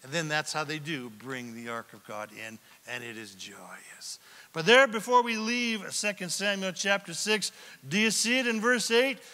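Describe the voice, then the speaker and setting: In a church sanctuary, a male pastor delivers a sermon in a high, bright voice with lively intonation, the sound ringing through a long hall reverb. He reads scripture slowly, poses questions to the congregation, and swings from near-shouts to hushed whispers for drama.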